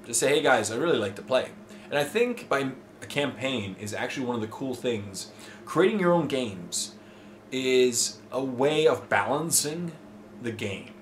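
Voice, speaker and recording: A man's voice: medium pitch, slight background noise. A man from Toronto hosting a casual Q&A, chatty and enthusiastic, rambling with fillers. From Toronto, Canada. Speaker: host answering viewer questions. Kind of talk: casual chat. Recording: roomy with faint ambience.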